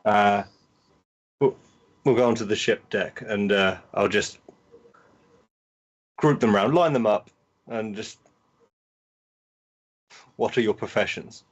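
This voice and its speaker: A man casually playing a tabletop game, easygoing and relaxed in his talk. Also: lowish voice, takes it slowly, long pauses. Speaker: player. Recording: dull lo-fi mic.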